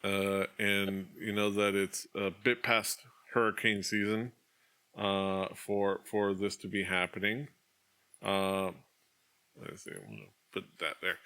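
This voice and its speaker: A man's voice: on the low side, bright, forceful tone. A man narrating a tabletop game as game master, rambling with many fillers over an online call, on a dull lo-fi recording. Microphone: online call mic. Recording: dull lo-fi stream audio.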